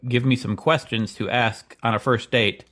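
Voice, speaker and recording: A man co-hosting a comedy podcast, playing a halting, bemused straight man. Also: medium pitch, fairly even intonation, fairly bright tone. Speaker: podcast co-host. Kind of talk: improvised comedy podcast banter.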